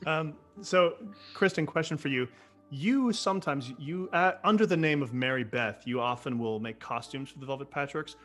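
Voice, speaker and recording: A man's voice: on the high side, fairly bright tone, faint music behind. Man narrating a tabletop game. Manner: casual, halting narration with fillers. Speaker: game master.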